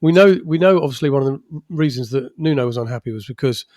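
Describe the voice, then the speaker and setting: A man's voice: medium pitch, fast, darkish tone, dry recording, clean studio sound. A man co-hosting a football podcast in casual chat, chatty and often laughing through his sentences. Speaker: podcast co-host.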